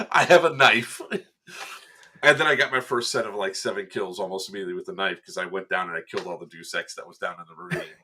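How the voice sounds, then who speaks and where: A man on a casual podcast recounts a day out on the field with real animation. His voice sits on the low side but has a bright, forward edge. He slips into quoted lines and laughs often. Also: sing-song, quick pace, slight background noise. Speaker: event staff member recounting a game day.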